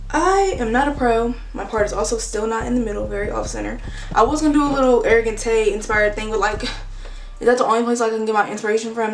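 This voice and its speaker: A woman's voice: medium pitch, far from the mic. A young woman chatting casually as she cuts a wig in a beauty vlog, full of slang and fillers like "like". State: out of breath. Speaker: beauty vlogger. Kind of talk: casual hair tutorial chat. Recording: roomy echo, mic set back, faint music.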